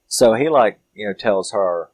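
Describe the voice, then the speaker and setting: Male film reviewer, deep voice, chatty rambling recap with laughs, dry booth sound. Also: animated, measured pace, a little mellow, dry recording. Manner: rambling, loose, with frequent "you know" fillers; laughs often while retelling.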